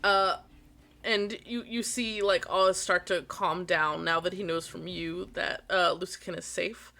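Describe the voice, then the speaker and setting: A woman narrating as game master of a tabletop game, rambling with many fillers and quick apologies. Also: on the low side, steady tone, vocal fry, pushed and bright.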